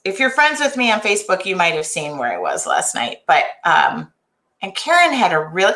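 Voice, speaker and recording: A woman hosting a casual livestream from her art studio, chatty and greeting viewers by name, her voice jumping high when excited. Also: moderate pace, roomy sound. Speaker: host.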